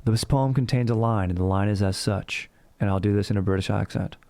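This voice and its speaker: Man hosting history talk, gravelly low voice, slangy rambling, dry sound. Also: a little fast, few pauses, dark tone, no echo. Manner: rambling, slangy, cursing, lots of fillers. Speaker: history podcast host. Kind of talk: casual comedic history talk.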